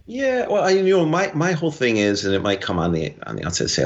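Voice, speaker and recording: A man co-hosting a podcast, telling a story in a rambling, animated way with lots of restarts. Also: a little high, a little fast, hardly any pauses, dull audio. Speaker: podcast co-host. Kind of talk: casual podcast conversation.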